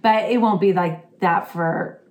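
A woman's voice: on the low side, unhurried, a little mellow. A woman co-hosting a podcast in casual conversation, backing her partner with frequent "yeah" and "mm-hmm.". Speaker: podcast co-host. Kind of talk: casual chat.

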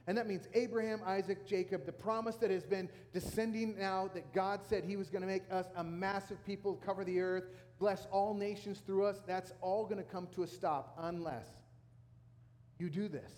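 Male pastor, sermon storyteller who voices the characters, high pitch, reverberant hall. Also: normal speed, darkish tone. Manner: retells scripture in casual speech, acting out the characters' lines.

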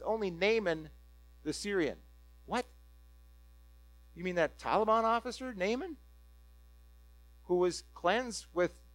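A man delivers a sermon as a lively story, rising into excited bursts as he acts out the crowd. His voice sits high for a man, and the sound is dry and close with a low mains hum beneath it. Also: no room sound. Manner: animated storytelling, voicing the crowd's reactions. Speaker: preacher.

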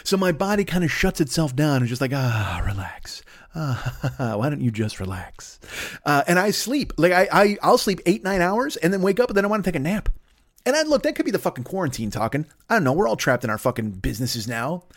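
A man's voice: high voice, lively intonation, fast. A man hosting a solo comedy podcast from his home desk, rambling and self-deprecating, swearing constantly. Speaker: podcast host.

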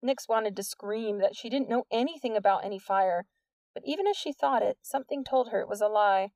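A woman narrating an audiobook in an even storytelling read. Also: mid-range voice, a little fast, no echo, distant mic.

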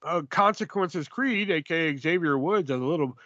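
A man co-hosting a podcast, chatting casually and profanely about wrestling, rambling and animated. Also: fairly high pitch, normal speed, no room sound, dull audio. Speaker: podcast co-host. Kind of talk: casual wrestling review chat.

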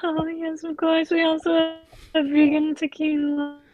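A soft-spoken vegan restaurant hostess, put on by a woman, speaking in a gentle, hushed voice. Her voice sits very high and stays flat. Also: unhurried, muffled recording.

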